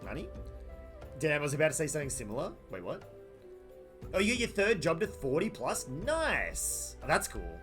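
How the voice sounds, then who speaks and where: A chatty Australian man streaming a game from his room at home, greeting viewers by name in a friendly, rambling way. His voice sits a bit high for a man and moves lively up and down, with faint game music playing underneath. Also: moderate pace. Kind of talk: casual live game stream chat.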